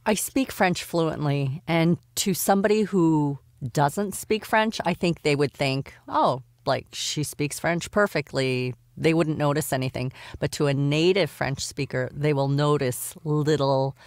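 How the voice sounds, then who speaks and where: A woman's voice: deep voice, a little slow, hardly any pauses, no room sound, clean studio sound. A woman from Canada, a voice actor guest on a podcast, chatting casually in an upbeat way and laughing easily. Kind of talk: casual interview chat.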